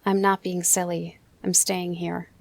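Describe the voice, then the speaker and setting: A woman's voice: lowish voice, level tone, a little slow, vocal fry, no echo. A woman voicing a frightened but defiant little boy who pleads with his father. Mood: pleading. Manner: pleading, small.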